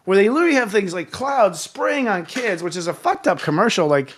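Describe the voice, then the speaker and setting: A man hosting a live talk show, ranting in an animated, profane way. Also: high voice, a little fast. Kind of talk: casual chat.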